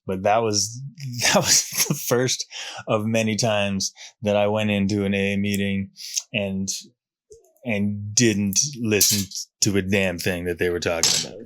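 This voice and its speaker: A man's voice: on the low side, little pitch movement, unhurried, fairly bright tone, dry recording. A young man, hosting a podcast and telling his own story in a casual, profane way, full of fillers and restarts. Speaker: podcast host. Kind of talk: candid personal storytelling.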